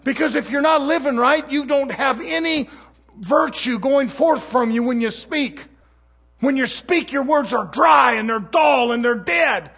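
Stern impatient God, as a preacher puts him on. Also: male voice, extremely high pitch, measured pace, gravelly, a bit bright, husky, heavily acted. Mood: scolding. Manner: blunt, scolding.

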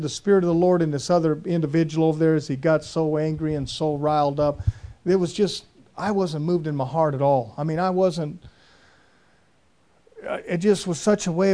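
Folksy preacher man, mellow voice. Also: a little high. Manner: folksy, rambling storytelling with dialect grammar. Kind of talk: sermon.

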